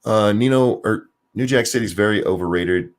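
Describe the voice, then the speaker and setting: A man hosting a casual livestream, reading viewer comments with sarcastic asides. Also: normal speed. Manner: animated, sarcastic, jumps high in pitch for jokes. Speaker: stream host.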